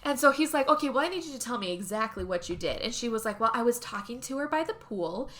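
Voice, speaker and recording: A woman's voice: fairly high pitch, animated, fast talker, a bit bright. A woman co-hosting a podcast, casually retelling a film's plot and acting out the characters' lines, with some swearing. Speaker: podcast co-host. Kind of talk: casual movie recap chat.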